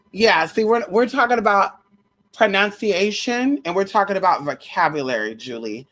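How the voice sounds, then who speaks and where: This livestream host has a mid-range, fairly bright voice that's expressive and moves at a normal speed. Her chat about the spirits of celebrities is loose and slangy, with plenty of attitude and cursing.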